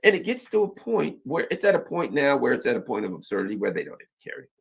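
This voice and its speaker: A man's voice: mid-range voice, very animated, very fast, gravelly, slightly rough. A man hosting a sarcastic political news commentary, mocking and ironic as he talks. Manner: mocking, heavy sarcasm with mock voices.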